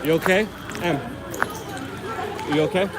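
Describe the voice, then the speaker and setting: A man's voice: fairly high pitch, a little slow, a crowd in the background. Live on-scene reporter, man, shaken, keeps exclaiming; handheld camera outdoors, heavy street noise. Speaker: independent reporter.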